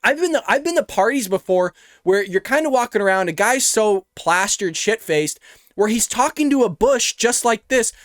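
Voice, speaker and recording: A male show host gives opinionated reaction commentary straight into a close microphone. His voice sits high and the sound is bone dry. He keeps turning to his viewers as folks. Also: lively intonation, normal speed, a bit bright, no echo. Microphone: close studio microphone.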